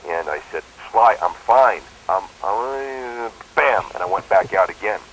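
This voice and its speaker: Deep-voiced man telling a stunt story. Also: measured pace, slight background noise, poor audio. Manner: animated storyteller, jumps into quoted voices. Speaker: stuntman and performer. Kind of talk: casual phone interview storytelling.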